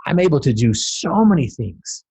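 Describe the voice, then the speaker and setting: A man with a husky, slightly rough voice tells a personal story as a podcast guest. He talks dramatically and builds to emphatic, rising peaks. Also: a little high, big pitch swings, moderate pace, darkish tone. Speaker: podcast guest, motivational speaker.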